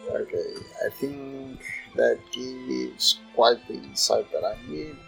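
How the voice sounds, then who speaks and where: A man playing a role-playing game, reading its narration and dialogue aloud in an even voice. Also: mid-range voice, slow pace, gravelly, faint music behind, poor audio. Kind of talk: let's play narration.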